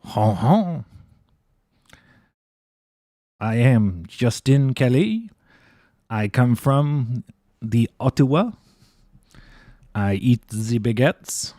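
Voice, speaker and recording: A man's voice: mid-range voice, animated, slow, long pauses, warm tone, no echo, clean studio sound. A man voicing a jokey, cartoonish French man in an exaggerated silly fake French accent, drawn out and hammy.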